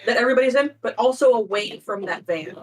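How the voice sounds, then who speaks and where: A woman's voice: fairly high pitch, quick pace, rough recording. A woman playing a tabletop game, talking casually and directly. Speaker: player.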